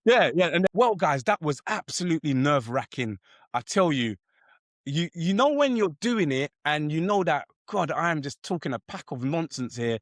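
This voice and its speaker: A man's voice: on the high side, big pitch swings, moderate pace, no room sound, studio quality. A man hosting a podcast, chatting casually in a slangy, laid-back way. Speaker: podcast host. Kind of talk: casual chat and prank call.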